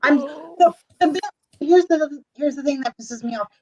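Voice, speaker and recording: A woman's voice: high voice, measured pace, a little mellow, no room sound. A woman chatting over voice chat, blunt and opinionated. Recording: dull lo-fi mic.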